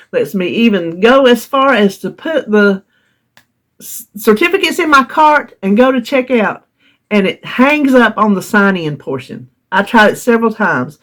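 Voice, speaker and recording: A woman from North Carolina with a Southern US accent, casually telling a long story in her vlog, laughing often as she recounts her frustration. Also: medium pitch. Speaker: vlogger.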